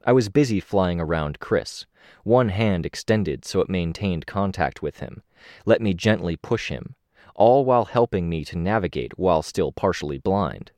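A man reading a first-person story aloud as an audiobook narrator, steady and measured, with lifts on the action beats. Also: low voice, no room sound, clean studio sound.

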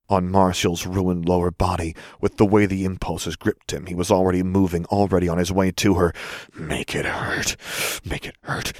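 A man narrating an audiobook in a measured, intense way, dropping to a whisper for inner thoughts. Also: low-pitched, husky, dry recording, studio quality.

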